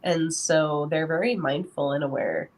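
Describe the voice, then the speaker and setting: This woman speaks a little slowly in a low-pitched voice. Appearing as a podcast guest, she talks casually about parenting, rambling and leaning heavily on "you know" as filler.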